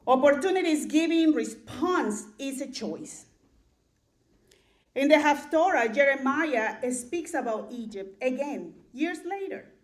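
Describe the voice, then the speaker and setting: A woman delivering a sermon in a slow, deliberate way, reading scripture in a measured cadence and repeating key lines for emphasis. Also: high-pitched, lively intonation. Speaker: clergy member giving a sermon. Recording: roomy echo of a large room.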